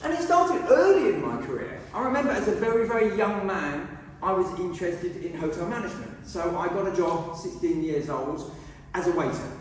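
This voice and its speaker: A middle-aged man entertains a speaking club with a self-deprecating, animated speech in a high-pitched, slightly fast voice. Some background noise is present, and the sound comes from far off in an echoey hall.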